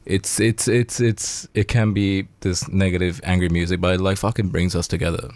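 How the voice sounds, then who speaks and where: Deep gravelly guy, laid-back and sweary. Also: level tone, moderate pace, a little mellow, no echo. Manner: laid-back and sweary, with lots of restarts and "man". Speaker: band member guest. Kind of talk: casual radio interview chat. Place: radio studio.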